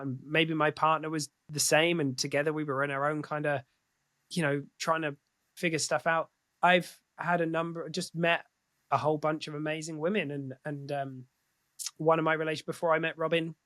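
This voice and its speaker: A man's voice: fairly high pitch, pushed and bright, no room sound. A man speaking as a podcast guest in candid, casual conversation, swearing freely and often restarting his sentences.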